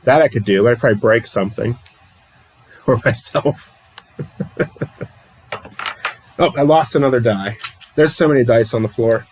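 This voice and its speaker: A man's voice: mid-range voice, normal speed, long pauses, slight background noise, low-quality recording. Chuckling man calling a tabletop game. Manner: chatty, laughs often, self-deprecating. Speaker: streamer hosting a tabletop wrestling card game. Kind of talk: casual livestream play-by-play and chat reading.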